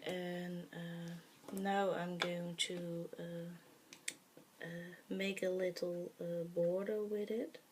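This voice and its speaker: Heavy background noise surrounds a lowish female voice that moves little in pitch and goes slowly. The speaker, a Dutch-native craft tutorial host, works through her project casually and haltingly, filling gaps with fillers and muttering to herself.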